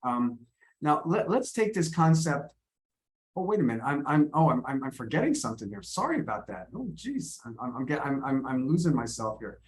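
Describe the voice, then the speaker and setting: A man's voice: on the high side, sing-song, fairly quick. A man teaching an online pronunciation lesson over a video call, friendly and often repeating and restarting his words.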